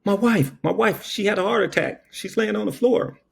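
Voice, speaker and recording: A man's voice: normal speed, gravelly, slightly rough, full character voice. A man playing a wailing, grief-stricken old man. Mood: frantic. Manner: wailing, high and broken with grief. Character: old man sobbing over his dead wife.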